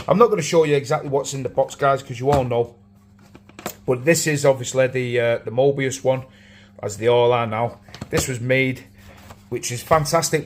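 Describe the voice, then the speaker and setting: A man of middle pitch, his voice a little worn as though he has lost it. He chats casually to his viewers indoors at home, rambling and restarting, full of enthusiasm about how fantastic and massive everything is. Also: slight background noise. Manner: rambling, with frequent restarts and repeated words; enthusiastic, keeps saying things are fantastic and massive. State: slightly lost voice. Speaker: aquarium hobby vlogger. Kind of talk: casual unboxing chat to camera. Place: indoors at home beside a large aquarium.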